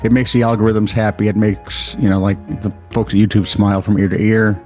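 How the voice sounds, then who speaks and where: A man's voice: on the low side, flat delivery, fairly quick, darkish tone, faint music behind. An older man co-hosting a comedy news show who rambles, loses his place and mocks himself as he fumbles words. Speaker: co-host.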